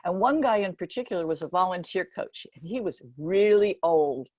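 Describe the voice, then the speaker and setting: A woman in her seventies giving a motivational speech, telling a story with lively energy and acting out the other voices in it. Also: on the low side, normal speed, dry recording. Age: 70s. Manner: lively storyteller who acts out the quoted voices. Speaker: guest speaker.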